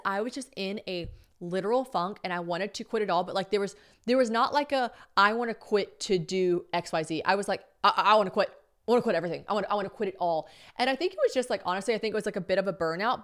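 A young adult woman hosting a solo podcast, telling stories in a chatty, animated way, acting out quoted dialogue and swearing casually. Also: mid-range voice. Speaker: podcast host.

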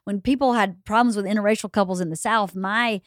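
A woman's voice: medium pitch, steady tone, fairly quick, no room sound, clean studio sound. Candid middle-aged Southern woman host. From Deep South of the US. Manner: candid and reactive, swears casually. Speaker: podcast host. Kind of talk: casual interview chat.

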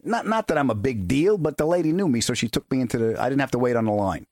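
A man's voice: fast, no room sound, clean studio sound. A man hosting a casual comedic chat, telling stories and cracking jokes. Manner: storytelling, wisecracking, lively pitch swings. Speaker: podcast host.

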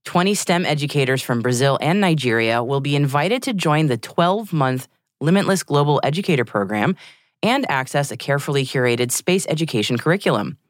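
A woman hosting a news podcast, reading the day's headlines in a lively, articulate newsreader manner. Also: low voice, fairly quick, no echo, clean studio sound. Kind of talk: scripted news reading with banter.

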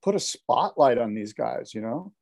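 A man co-hosting a casual chat, talking in a relaxed, rambling way with plenty of fillers. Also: medium pitch, moderate pace, creaky.

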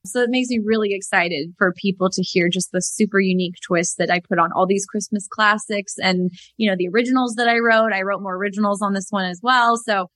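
A woman in her thirties answers interview questions in an earnest, chatty way. She speeds through her thoughts in quick bursts, full of fillers, at a middle pitch. The sound is dry and close. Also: fairly bright tone, no echo. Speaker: guest musician. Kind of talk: conversational interview.

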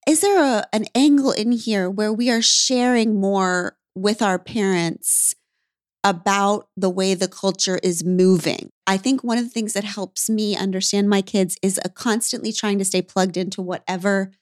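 A woman's voice: mid-range voice, fairly even intonation, moderate pace, no echo, clean studio sound. A woman podcast host asking rambling, searching questions and thinking aloud in conversation.

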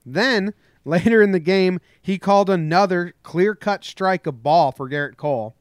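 Animated man telling a sports story. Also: high voice, normal speed, clear, resonant tone, no echo, studio quality. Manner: animated storytelling, acts out shouted quotes. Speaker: podcast co-host. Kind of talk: casual sports chat.

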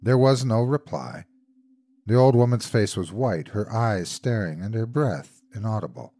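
Low-voiced man narrating a horror tale. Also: animated, warm tone, no echo. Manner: measured, grave storytelling. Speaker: host and narrator. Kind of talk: scripted narration.

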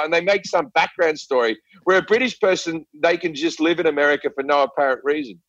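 A man's voice: a little high, fast, a bit bright, no room sound, dull audio. A middle-aged Australian man on a podcast, ranting and swearing with lots of stammered restarts. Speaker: guest comedian. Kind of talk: casual podcast chat.

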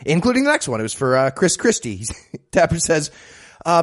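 Male guest, lively pitch, wry recaps with stumbles. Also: moderate pace. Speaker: podcast guest. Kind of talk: casual comedic chat.

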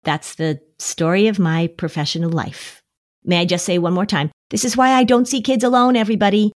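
A woman's voice: medium pitch, fairly even intonation, a little fast, dry recording, studio quality. A woman therapist on a podcast, giving emphatic, coaching advice with lots of repetition. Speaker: anxiety therapist. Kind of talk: podcast conversation.

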